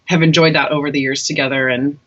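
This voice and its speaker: A woman's voice: deep voice, fairly even intonation, quick pace, fairly bright tone, dull audio. Agreeable woman singer guest. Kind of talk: casual interview chat.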